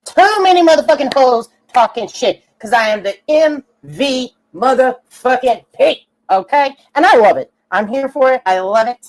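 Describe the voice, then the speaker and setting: A woman's voice: high-pitched, animated, normal speed, hardly any pauses, poor audio. A young woman ranting on her livestream, brash and profane, laughing and mocking as she goes. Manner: brash, swearing, laughing, sarcastic. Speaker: livestream host.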